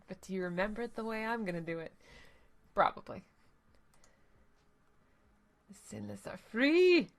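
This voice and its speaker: A woman's voice: medium pitch, a bit bright. A woman streamer chatting casually to her viewers while playing a game, rambling and thinking aloud. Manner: chatty, rambling, talks to chat. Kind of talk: casual live gameplay commentary.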